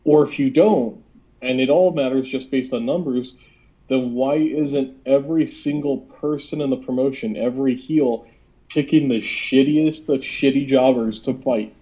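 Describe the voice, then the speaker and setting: A man co-hosting a casual wrestling talk show over an online call, measured and agreeable, reasoning his points aloud. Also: mid-range voice, warm tone, lo-fi sound. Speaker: podcast co-host.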